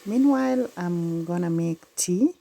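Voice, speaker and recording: A woman's voice: lowish voice, lively intonation, a little slow, vocal fry, warm tone. A woman vlogging from village life, talking casually and straight to her viewers. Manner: chatty, speaks straight to viewers.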